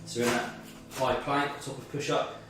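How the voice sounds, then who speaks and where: A man's voice: mid-range voice, little pitch movement, normal speed, heavy reverb, recorded from a distance, over music. Out-of-breath man guiding a workout. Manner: encouraging, talks through each move step by step. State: slightly out of breath. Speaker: fitness instructor. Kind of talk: guided exercise class.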